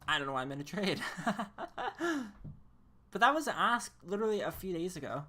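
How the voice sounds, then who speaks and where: Low-voiced woman streaming a game, rambly and disbelieving, laughs a lot. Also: animated, very fast, sharp tone. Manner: rambling, incredulous, laughs often. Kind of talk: casual live-stream chat.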